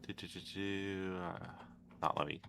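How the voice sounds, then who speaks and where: A man hosting a reaction video who thinks out loud, trails off mid-sentence and cuts in with offhand asides. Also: low voice, fairly even intonation, measured pace, slight background noise. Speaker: reaction channel host. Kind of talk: casual reaction commentary.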